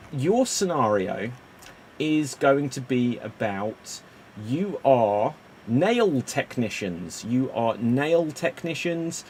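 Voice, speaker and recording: Guy hosting improv over a video call, brisk and chatty, mid voice, a bit of line hiss. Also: medium pitch. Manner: brisk, chatty, fills pauses with "um". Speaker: host. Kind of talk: hosting an online improv contest.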